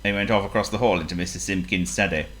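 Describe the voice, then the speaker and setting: A woman reading a children's story aloud, expressive and playful, asking the listener questions. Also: a bass voice, fast.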